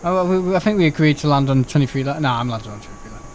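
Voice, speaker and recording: A man's voice: fairly high pitch, animated, rapid-fire, a little mellow, slight background noise. Chatty young man streaming. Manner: rambling, chatty, swears and laughs often. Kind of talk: casual live-stream chat.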